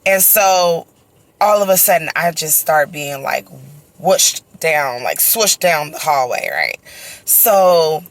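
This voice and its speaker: A young woman telling her birth story in a casual, animated way, full of "you know" and "right?", talking into her phone while out on a walk. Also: deep voice, slow pace, dry recording. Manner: animated, conversational, heavy use of fillers like "you know" and "right?". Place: outdoors, on a walk.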